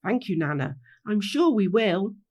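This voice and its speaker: A woman's voice: medium pitch, big pitch swings, measured pace, darkish tone, slightly rough. A woman voicing a small, eager young boy hedgehog in a storybook.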